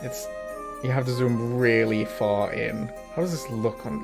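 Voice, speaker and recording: A man's voice: mid-range voice, steady tone, unhurried, vocal fry, music in the background. A man streaming as a VTuber, chatting casually and often breaking into laughter. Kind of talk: casual livestream chat.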